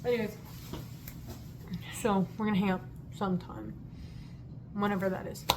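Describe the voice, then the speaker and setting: A woman's voice: medium pitch, fairly even intonation, normal speed, background noise. A woman telling stories in a casual vlog, gushing and giggly, rambling from one thing to the next. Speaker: student and vlogger.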